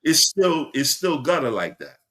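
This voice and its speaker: A man's voice: fairly high pitch, very animated, normal speed, fairly bright tone. A man in a casual discussion, talking loosely with slang and asides.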